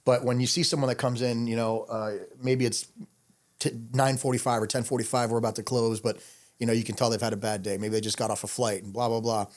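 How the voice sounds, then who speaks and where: A man's voice: mid-range voice, little pitch movement. A man, a bartender as a podcast guest, telling stories in a casual, rambling way full of fillers. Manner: fast, rambling, with many fillers. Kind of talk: casual interview storytelling.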